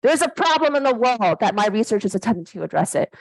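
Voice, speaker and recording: A woman giving a casual, animated workshop lecture, often checking in with "right?". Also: a little high, quick pace, no room sound, rough recording. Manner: animated, conversational, keeps asking "right?". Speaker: academic workshop presenter.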